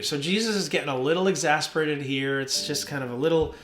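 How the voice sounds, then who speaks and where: A man's voice: a little high, quick pace, hardly any pauses. Rambling man hosting a devotional. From New Jersey. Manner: relaxed, rambling, with fillers. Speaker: worship leader and devotional host. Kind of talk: casual devotional talk. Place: home basement studio. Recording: roomy studio with soft guitar.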